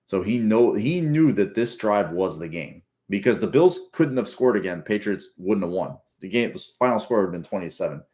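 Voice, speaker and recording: A man's voice: fairly low pitch, lively intonation, moderate pace, hardly any pauses, a little mellow. A man giving casual, rambling, profane commentary while rewatching a football game. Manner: rambling, profane, restarts often. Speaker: sports fan commentator.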